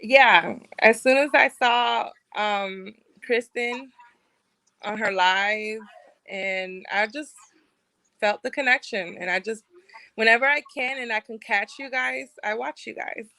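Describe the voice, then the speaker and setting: A woman caller speaks slowly and hesitantly, apologizing and giggling between words. Her voice is bright and a little high, and the sound is dry and close. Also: gravelly, dry recording, rough recording. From Florida. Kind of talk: casual call-in chat. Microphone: video call.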